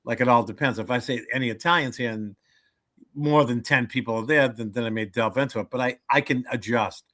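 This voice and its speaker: A man in his seventies chatting as a comedian guest in an interview. He tells jokes with animated delivery, putting on little voices for the people in them. His voice is bright and forceful. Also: medium pitch, brisk. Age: 70s. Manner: animated joke-telling, acts out voices. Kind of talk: casual interview storytelling.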